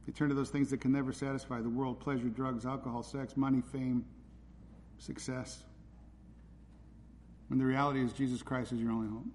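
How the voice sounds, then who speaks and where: Speaking a little fast with long pauses, this man delivers an urgent, pleading sermon in a church hall. His mid-range voice is level and somewhat dark, and the audio has hall reverb with faint ambient noise.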